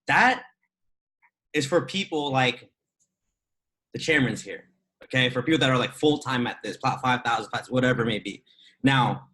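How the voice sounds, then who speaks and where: A young man giving an energetic, chatty motivational talk to a group on a video call. He often adds "right?" and laughs as he goes. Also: mid-range voice, poor audio. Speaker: trading mentor speaking to a group call.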